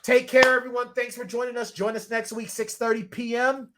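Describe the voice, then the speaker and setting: Fields: high-pitched jokey man hosting. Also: little pitch movement, fairly quick, noisy background. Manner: loud, jokey, rambling. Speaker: sports podcast host. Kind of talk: casual sports chat.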